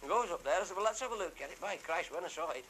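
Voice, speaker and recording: A man's voice: sits high, lively intonation, very fast, rough recording. An older man telling a rambling comic anecdote, earthy and swearing freely as he acts out the voices of the people in it. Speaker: storyteller. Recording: loud background hiss.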